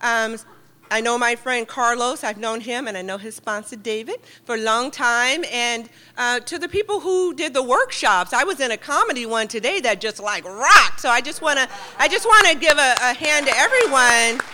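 A middle-aged woman giving a lively, joking and heartfelt talk to an audience in a meeting hall. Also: on the high side, normal speed. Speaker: guest speaker at a recovery meeting.

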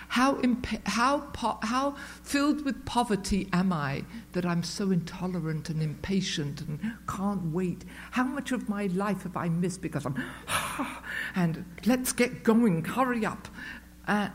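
At a recovery meeting, a woman with a lowish voice shares a personal story before a live audience in a meeting room. She is chatty and pokes fun at herself, often using fillers and restarting sentences. A faint hiss or hum sits under the recording.

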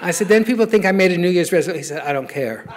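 A middle-aged man gives a personal testimony in a wry, self-mocking storytelling manner. His voice sits a little high for a man, and laughter often runs through what he says. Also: expressive, rapid-fire. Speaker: speaker sharing recovery story.

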